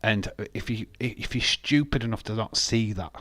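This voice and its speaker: A man's voice: on the low side, moderate pace, a bit bright, no room sound. A man with a Yorkshire accent hosting a live watch-along, chatting casually with opinions and frequent laughs. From Yorkshire, England. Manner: chatty and opinionated, laughs often, jumps between topics. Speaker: livestream watch-along host. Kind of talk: casual live reaction chat.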